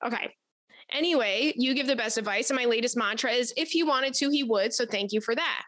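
A woman's voice: on the high side, a little fast, no echo. Chatty, profane young woman podcaster. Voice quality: animated, profane, rambling storyteller. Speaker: podcast host. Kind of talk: casual advice podcast chat.

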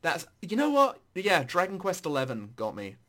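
A man talking games in a loose, casual chat, with a bright, ringing voice. His pitch sits a little high and swings widely, leaping up when something excites him. He swears freely and keeps the energy up. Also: normal speed.

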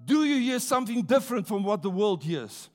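A man preaching a rousing sermon in a church, slowing down for emphasis and calling on the congregation to respond. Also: sits high, sing-song, a little mellow.

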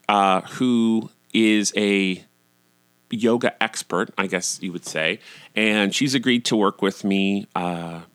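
A middle-aged man hosting a podcast, telling a personal story in a candid, self-deprecating way and getting animated when he acts out scenes. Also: sits low, no echo. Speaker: podcast host.

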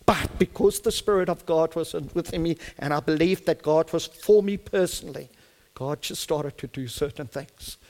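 A middle-aged South African man preaches with fervour, his voice sitting a little high for a man and swelling to emphatic peaks. His first language is Afrikaans, and the accent comes through clearly. The sound rings with a long hall reverb. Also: normal speed, a little mellow. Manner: fervent, building to emphatic climaxes. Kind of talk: sermon.

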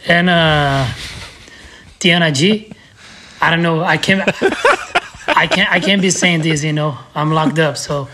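A man's voice: fairly high pitch, measured pace, long pauses, pushed and bright, slight background noise. A man from Brazil, a guest on a podcast, telling a story in a loose, laughing, profane way with lots of restarts. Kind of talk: casual storytelling.

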